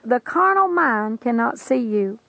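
Woman preacher, solemn testimony delivery, slightly high gravelly voice. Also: expressive, a little slow, fairly bright tone, no room sound, dull audio. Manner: solemn, earnest storytelling with old-fashioned scriptural wording. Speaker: preacher recounting a vision. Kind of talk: testimony sermon.

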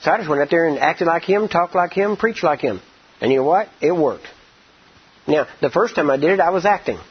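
A man preaching a sermon, rambling with many "I mean" and "you know", acting out quoted speech and slowing down to stress scripture. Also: on the high side, expressive, slightly rough. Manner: slows down and stresses words when teaching scripture. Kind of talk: sermon with storytelling. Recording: dull lo-fi recording.

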